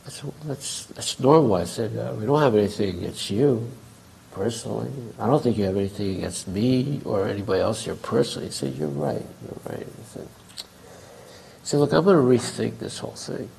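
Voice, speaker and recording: A man's voice: mid-range voice, brisk, vocal fry, a little mellow, a little hiss or hum, poor audio. A man giving a class at a temple, telling a story conversationally and acting out both sides of a dialogue. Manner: conversational, acts out quoted dialogue. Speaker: temple speaker.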